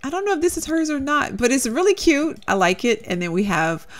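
A woman's voice: sits high, sing-song, brisk. A young woman chatting casually as she shows off game clothing, gushing and talkative, calling her viewers "y'all". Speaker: Sims content creator showcasing custom content. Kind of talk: casual gameplay commentary.

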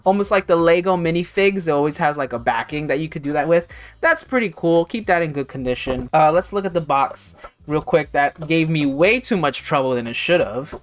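A woman's voice: low-pitched, lively intonation, a little fast. A woman hosting a hobby channel, talking through an unboxing in a casual, rambling way with lots of fillers. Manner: rambling, chatty, many fillers.

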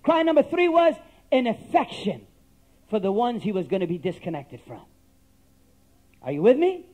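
A man's voice: high voice, big pitch swings, normal speed, dark tone. A male pastor preaching a sermon, passionate and calling on the congregation to answer back. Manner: impassioned, calls for amen from the congregation.

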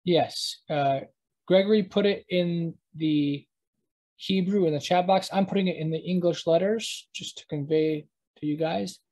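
This is a teacher mid-lesson on a live online session, talking at a computer mic and sharing their screen. Their mid-range voice has a darkish quality, captured on a rough recording, and they keep stopping to fix what they said, reasoning out loud as they go.

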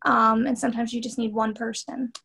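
Thirtyish woman, therapist being interviewed, kinda high voice, earnest and chatty, lots of likes and you knows. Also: a little fast, creaky, husky. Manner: earnest and animated, many fillers. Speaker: interview guest, PhD student and therapist. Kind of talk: candid conversational interview.

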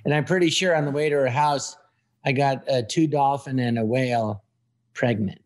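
A man in his sixties, a comedian guest on a podcast, telling jokes with a deadpan delivery. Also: mid-range voice, normal speed. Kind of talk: telling jokes in casual chat.

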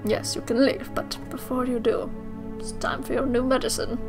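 A woman's voice: on the high side, flat delivery, normal speed, music in the background, natural voice. A woman voicing a stern, patronizing male doctor in a horror game.

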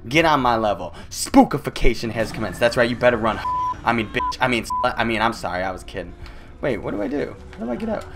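Gravelly young man, wild joking gameplay commentary. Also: huge pitch swings, fast talker. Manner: loud, joking, swings pitch wildly. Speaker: gaming YouTuber. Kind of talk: let's play commentary.

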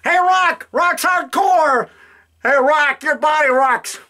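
A man's voice: very high voice, slow pace, bright, forceful tone, pitched above the performer's own voice, exaggerated voice. A man imitating adoring, drunk male fans making late-night prank calls in a sing-song, fawning voice. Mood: teasing chant.

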